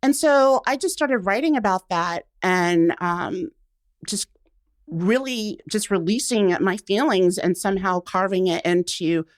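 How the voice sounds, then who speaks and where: A woman's voice: medium pitch, a little slow, no echo, clean studio sound. A woman in her forties, a guest in an interview, telling her story expressively and acting out the lines she quotes. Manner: expressive storyteller, acts out quotes, laughs often. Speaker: guest, writer. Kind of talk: casual interview.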